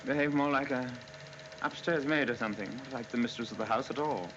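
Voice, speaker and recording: An actor playing a wealthy, brooding middle-aged English widower in a 1940s film drama, with a clipped, impatient upper-class manner. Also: male voice, mid-range voice, quick pace, background noise, close to an everyday voice. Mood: irritated. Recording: dull old film soundtrack.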